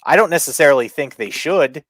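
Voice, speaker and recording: A man's voice: fairly high pitch, lively intonation, a little fast, fairly bright tone, no room sound. Casual, wisecracking male wrestling podcaster. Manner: swearing, mocking impressions of wrestlers. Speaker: podcast co-host. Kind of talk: casual wrestling recap chat.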